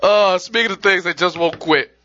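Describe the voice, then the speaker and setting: A man's voice: high-pitched, moderate pace, pushed and bright, lo-fi sound. A man co-hosting a podcast, telling stories in a casual chat. He swears freely and acts out the people in his stories. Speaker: podcast co-host.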